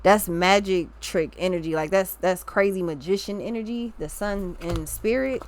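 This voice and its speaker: A woman's voice: medium pitch, normal speed, slight background noise. A young woman talks through a tarot reading in a loose, casual way. She rambles, restarts her thoughts and leans on slang for emphasis. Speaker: tarot reader.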